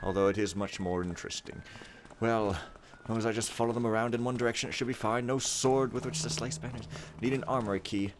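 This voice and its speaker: A man's voice: on the low side, fairly even intonation, quick pace, noisy background. A man casually commenting while he plays a game, joking and sarcastic in a rambling way. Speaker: let's play host.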